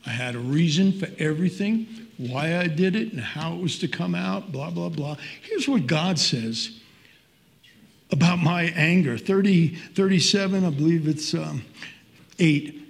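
A man's voice: fairly high pitch, normal speed, creaky. Earnest middle-aged male pastor preaching. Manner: earnest, conversational preaching with scripture readings. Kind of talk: sermon.

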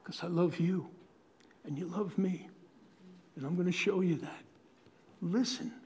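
Pastor, male, high-pitched; passionate sermon, swings from booming to whispered. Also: fairly even intonation, husky. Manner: swings from loud, drawn-out preaching to hushed near-whisper; earnest, pleading, conversational.

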